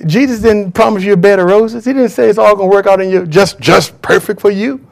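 A man's voice: sits high, a little fast, gravelly. A man preaching a sermon to a church congregation, emphatic and drawing call-and-response from the crowd. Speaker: pastor.

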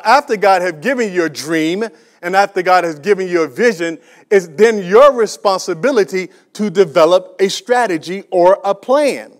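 A pastor preaches with a notably high voice. He calls on the congregation to repeat words after him and climbs in force as his points build. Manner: call-and-response preaching, has the congregation repeat phrases; builds in volume and pitch as he presses a point. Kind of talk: sermon.

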